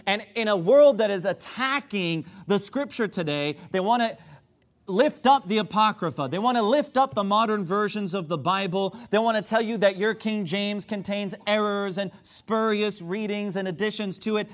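A man preaching a sermon in an emphatic, sarcastic way. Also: sits high.

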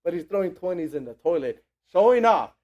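Animated conversational preacher, man. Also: high-pitched, a little fast, muffled recording. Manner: animated, conversational, acts out quotes. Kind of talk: sermon.

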